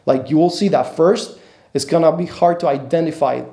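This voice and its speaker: A man's voice: a little high, normal speed, vocal fry, mellow, reverberant. A man coaching other men on dating in a blunt, emphatic monologue, repeating his points and swearing casually. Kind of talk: instructional monologue.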